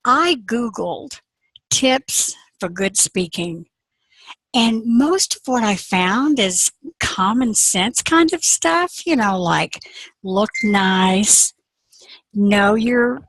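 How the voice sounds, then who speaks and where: A woman's voice: medium pitch, lively intonation, slow pace, a bit bright, dry recording, low-quality recording. A woman telling a folk tale in a chatty, conversational storytelling talk.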